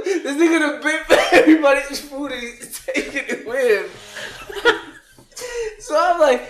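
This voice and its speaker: A man's voice: very high-pitched, normal speed, roomy sound. A man co-hosting a podcast, telling a rowdy, profane story and breaking into laughter as he goes. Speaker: podcast co-host. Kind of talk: rowdy casual chat.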